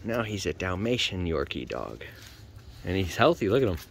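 A man's voice: normal speed, gravelly, husky. Playful man teasing his dogs. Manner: swings between hushed whispers and excited high shouts; talks to his dogs in baby talk. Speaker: dog owner filming his pets. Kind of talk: casual chat. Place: home basement.

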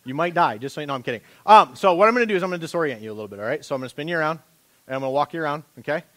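A man preaching a sermon as pastor, animated and conversational, joking with a volunteer on a church stage. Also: a little high, very fast. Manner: animated, rising to loud impassioned preaching.

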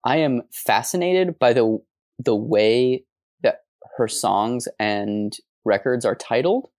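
A podcast co-host who reads scripted narration in a steady manner and chats between the reading. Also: mid-range voice, takes it slowly.

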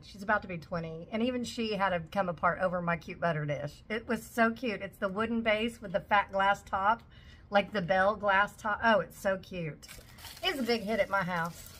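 A woman's voice: mid-range voice, pushed and bright, slight background noise. A woman in her forties chatting casually at home as she unboxes a shopping haul, gushing over each item. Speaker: vlogger.

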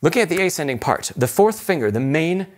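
A man's voice: a little high, very animated, brisk. A man teaching an intermediate piano lesson, explaining patiently and encouragingly, often checking in with rhetorical questions.

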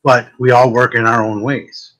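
Bright, animated man telling stories. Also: moderate pace, poor audio. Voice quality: fairly deep voice. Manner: animated storytelling, often repeats words at the start of a thought. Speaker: host, psychic medium. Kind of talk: casual chat.

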